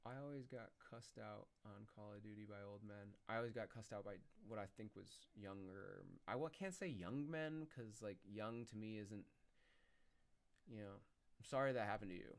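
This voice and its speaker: A man's voice: fairly low pitch, moderate pace. A man rambling and musing as he chats to viewers on his live stream. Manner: rambling, musing, talks to chat. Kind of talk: casual live-stream chat.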